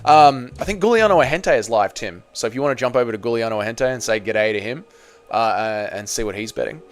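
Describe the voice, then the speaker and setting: A man's voice: medium pitch, lively intonation, fast. Casual man chatting with his stream chat. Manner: banter, reads chat messages aloud and answers viewers. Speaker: streamer reading live chat.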